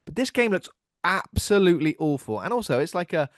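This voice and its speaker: A man's voice: high voice, very animated, a little fast, no echo, studio quality. A man co-hosting a horror podcast in casual chat, laughing often and joking. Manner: laughs often, jokey and chatty. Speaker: podcast co-host.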